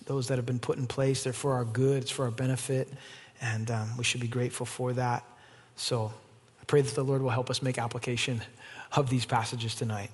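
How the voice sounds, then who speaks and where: Husky pastor preaching in a reverberant hall. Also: male voice, mid-range voice. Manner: animated, rising to emphatic peaks. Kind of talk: evening sermon and closing prayer.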